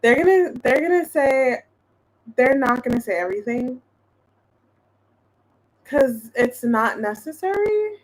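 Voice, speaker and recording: Chatty woman tarot reader, higher-pitched, rambling casual delivery. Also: expressive, measured pace, pauses often. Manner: chatty, thinks aloud, many restarts and fillers. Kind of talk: casual tarot reading to viewers.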